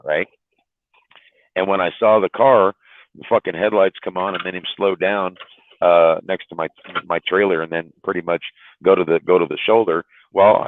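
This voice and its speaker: A man, a truck driver, telling a story in casual chat, swearing and repeating words as he goes. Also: dry recording. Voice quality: deep, drawling, repeats words while telling. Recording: dry tinny phone-like line.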